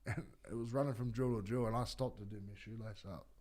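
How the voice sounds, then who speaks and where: Low-pitched Australian man, former rugby league player, casual rambling chat, lots of fillers and swearing. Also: steady tone, a little fast, a little mellow. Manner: rambling, swears freely, many fillers and restarts.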